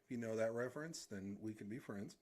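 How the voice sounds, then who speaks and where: A man's voice: lowish voice, brisk, a little mellow. A man streaming while he draws, goofing around and humming to himself into a desk microphone. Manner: goofy, rambling, hums while drawing. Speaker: streamer and artist. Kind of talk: casual live drawing stream.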